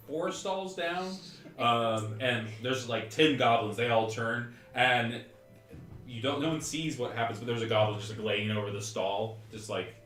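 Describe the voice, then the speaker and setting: A man's voice: mid-range voice, fairly bright tone. A man narrating as game master in a tabletop game, rambling with laughing asides. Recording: echoey room, mic far off.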